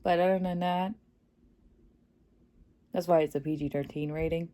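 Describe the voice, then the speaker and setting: A woman giving a casual, excited movie review, chatty and full of fillers, laughing often. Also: lowish voice, normal speed. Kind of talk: casual spoiler review vlog.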